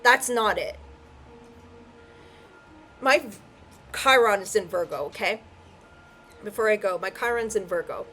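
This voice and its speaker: A woman's voice: medium pitch, unhurried, pauses often, fairly bright tone, faint music behind. A woman giving a heartfelt solo spiritual reading, earnest and emotional, her voice close to tears at times. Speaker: tarot and I Ching reader.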